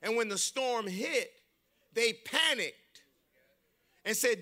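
A male preacher delivering a rousing call-and-response sermon, swinging from quiet to shouting. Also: very high-pitched, animated, takes it slowly.

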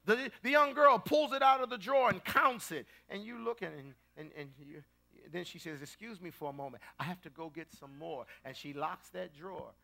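A man preaching, his voice high and gravelly with a bright, forceful edge. He tells stories in a lively sermon style and rises to shouts at the peaks. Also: normal speed, hardly any pauses. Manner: animated storytelling, shouting at peaks.

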